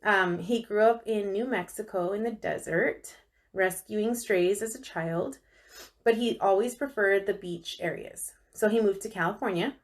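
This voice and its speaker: A woman's voice: mid-range voice, a little slow. A woman co-hosting a podcast, telling a feel-good story in an upbeat, chatty way. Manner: upbeat and enthusiastic. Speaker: podcast co-host. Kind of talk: casual storytelling chat.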